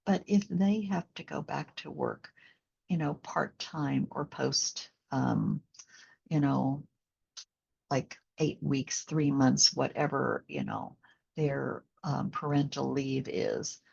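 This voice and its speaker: A postpartum doula and bodywork instructor speaks slowly in a low, gravelly, husky voice during a conversational interview. Mellow, relaxed, gentle, and reflective, she uses plenty of fillers, and the audio sounds slightly dull and lo-fi.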